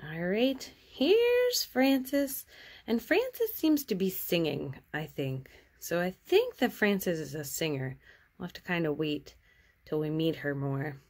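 A woman artist cheerfully and gently chatting through her sketches in a casual show-and-tell. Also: on the low side, very animated, unhurried.

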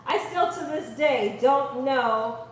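A woman's voice: high-pitched, slow, a little hiss or hum. A woman from Ohio hosting a home cooking show, chatting and laughing with her viewers as she cooks. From Columbus, Ohio. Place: home kitchen. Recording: echoey room, voice far from the mic.

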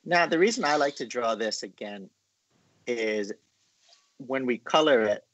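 A man's voice: mid-range voice, lively intonation, unhurried, a bit bright, highs cut off, slight background noise. A man hosting a casual drawing lesson, explaining each step in a chatty, encouraging way with lots of fillers. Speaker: art class host.

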